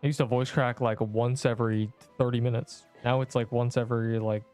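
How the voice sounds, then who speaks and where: A man's voice: mid-range voice, flat delivery, a little fast, darkish tone, clean tone, faint music behind. A man rambling casually through gameplay commentary on a livestream, slangy and loose, tossing in "bro" and casual swearing. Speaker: streamer.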